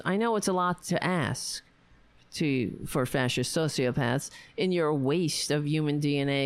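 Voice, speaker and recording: A woman with a fairly low voice delivers a sarcastic, profane political rant at an unhurried pace. She drifts into asides and laughs at her own jokes. The sound is close and dry, with no room around it. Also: dry recording. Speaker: political commentary host. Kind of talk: solo political commentary.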